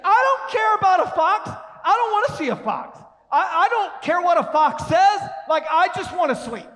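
A man's voice: extremely high pitch, big pitch swings, normal speed, pushed and bright, voice pushed up, exaggerated voice. A man voicing his younger self as a sleepy boy, whining in protest at being woken early. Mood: grumpy. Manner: whiny protest. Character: sleepy grumbling boy refusing to get up. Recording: long reverb of a large hall.

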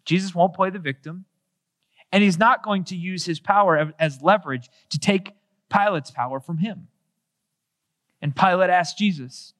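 A man's voice: high voice, animated, moderate pace, fairly bright tone. A man preaching a sermon in an earnest way, asking rhetorical questions and acting out quoted dialogue. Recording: long hall reverb.

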